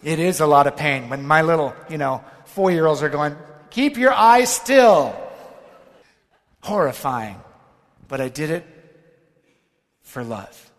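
A man's voice: fairly high pitch, normal speed. Man preaching in a reverberant hall. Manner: animated storytelling, switches to raised emphatic voice for quotes. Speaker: Catholic speaker at a talk or retreat. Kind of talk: sermon-style talk to a live audience. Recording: long reverb of a large hall.

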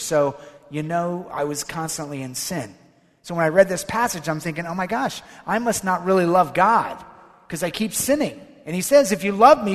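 A man with a slightly raised pitch preaches to a live audience. He tells animated stories and gives emphatic quotes. His voice carries the long echo of a large hall. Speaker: Catholic speaker at a talk or retreat. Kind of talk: sermon-style talk to a live audience.

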